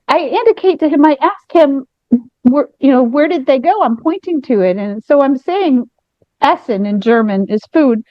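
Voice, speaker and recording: A woman with a fairly high voice tells a long personal story on a podcast, animated and rambling, often restarting her sentences. The sound is dry and a little dull, like a lo-fi home recording. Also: no room sound. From United States. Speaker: podcast co-host. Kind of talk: candid storytelling chat.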